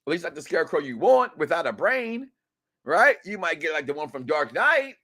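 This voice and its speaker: A man co-hosting a live review stream, joking in animated, loud-and-soft bursts. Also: a little high, moderate pace. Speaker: co-host of a reality show review.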